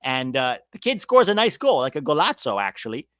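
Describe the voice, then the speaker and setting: A man hosts a casual soccer chat show, ranting bluntly and sarcastically and swearing freely. His voice sits at an ordinary pitch, recorded close and dry with no room sound. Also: sing-song, fairly quick, fairly bright tone, no echo. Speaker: soccer podcast host reading live chat.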